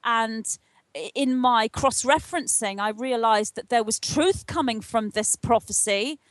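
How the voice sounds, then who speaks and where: An older woman with a fairly high voice tells her story in an earnest, animated way, slipping into the voices of the people in it. The sound is dry and close, with almost no room. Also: unhurried, dry recording. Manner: earnest, animated retelling with acted-out dialogue. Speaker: guest, spiritual channel. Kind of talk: interview, personal storytelling.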